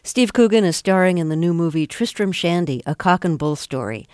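A woman hosting a radio interview, reading introductions and asking measured, curious questions. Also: fairly low pitch, expressive, a little mellow, no room sound, studio quality. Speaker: radio host.

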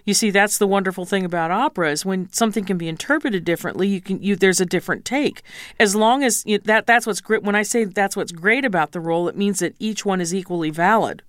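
A woman's voice: mid-range voice, quick pace, dry recording, clean studio sound. A woman opera singer as an interview guest, frank and teasing as she coaches pronunciation. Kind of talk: casual interview.

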